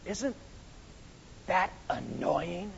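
A man with a high voice preaches an animated sermon as pastor, dropping low and then rising loud as he acts out the story. The sound is dull and lo-fi, and a long echo trails his words through the church sanctuary. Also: drawn-out words, vocal fry. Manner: animated, acts out dialogue with big swings in loudness.

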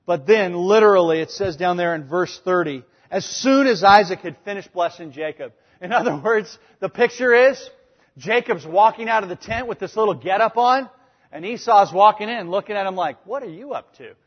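A male pastor delivering a sermon, emphatic and chatty by turns. His voice is high and a little husky. It carries a long hall reverb on a dull, muffled recording. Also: moderate pace. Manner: emphatic, conversational, switching between loud points and quiet asides.

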